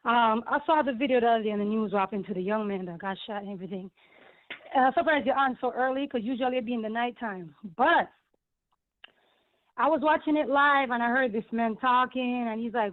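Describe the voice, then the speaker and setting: A woman's voice: a little high, a little fast. Indignant Caribbean woman on a phone line. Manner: emphatic, rambling, indignant. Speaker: caller. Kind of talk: call-in radio rant. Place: home in New York.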